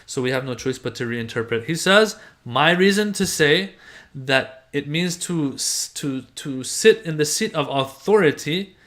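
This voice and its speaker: A man's voice: a little high, animated, measured pace, a bit bright. A man teaching religious doctrine, reading passages aloud and explaining them in a conversational way with everyday examples. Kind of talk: explaining a doctrine text to a class.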